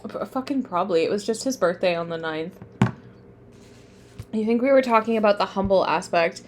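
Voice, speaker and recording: A woman's voice: medium pitch, normal speed, background noise. A young woman teaching tarot on a live stream, chatting with viewers, often laughing and getting sidetracked. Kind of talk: casual live-stream lesson.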